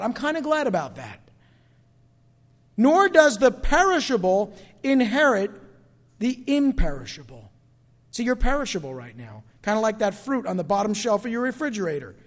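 High-voiced preaching man in a reverberant hall. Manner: emphatic preaching with call-and-response. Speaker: pastor. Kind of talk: sermon. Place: church sanctuary.

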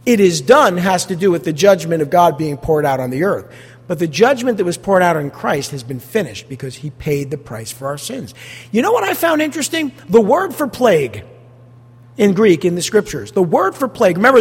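A man preaching a sermon as pastor, animated and full of rhetorical questions to the congregation. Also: sits high, breathy edge, in a large hall.

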